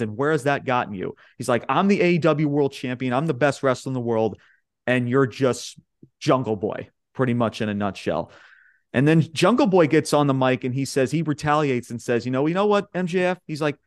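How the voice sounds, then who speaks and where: Man excitedly recapping wrestling promos. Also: mid-range voice, brisk, dry recording, clean studio sound. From Long Island, New York. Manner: animated retelling, quoting wrestlers with laughs. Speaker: podcast host.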